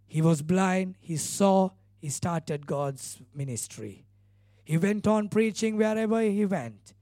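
A man's voice: high voice, expressive, takes it slowly, warm tone, no room sound, clean studio sound. A male pastor preaching a sermon, retelling scripture earnestly with emphatic repeated phrases.

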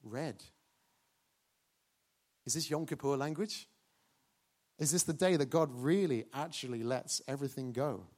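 A man preaching a sermon, dramatic, slowing for emphasis and returning to a rhetorical refrain. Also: medium pitch, a little mellow.

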